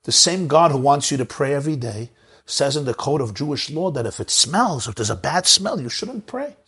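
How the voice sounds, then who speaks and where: A man voicing a patient, wise male Hasidic master who reasons gently with his friend. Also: medium pitch, big pitch swings, moderate pace, slightly rough, full character voice. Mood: reassuring.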